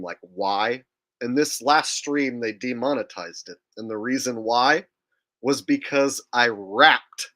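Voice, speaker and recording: Male live-stream host, casual commentary, bright forceful tone, incredulous and profane. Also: mid-range voice.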